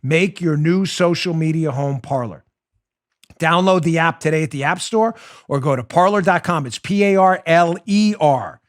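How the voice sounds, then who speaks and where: Loud, sarcastic male talk host. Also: fairly high pitch, moderate pace. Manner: sarcastic, mocking, swings into loud theatrical ranting. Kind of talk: opinionated political talk show.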